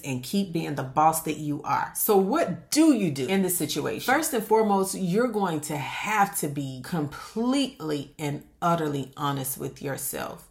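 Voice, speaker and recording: A woman with a slightly low voice gives a motivational talk to successful women, coaching them through marriage trouble. She speaks emphatically and keeps asking rhetorical questions, now and then calling the listener "honey.". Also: creaky. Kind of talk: motivational monologue.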